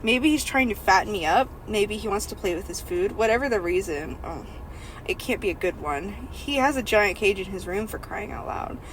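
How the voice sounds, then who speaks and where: A woman hosting a comedy podcast reads a novel aloud in the first person, breaking off into laughter, jokes and asides. Her mid-range voice is animated and moderately paced, over slight background noise on a rough recording.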